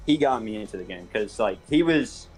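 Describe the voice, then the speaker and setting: A man being interviewed about his match, talking in a relaxed, slangy way. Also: lowish voice, fairly quick, soft background music. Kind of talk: casual chat.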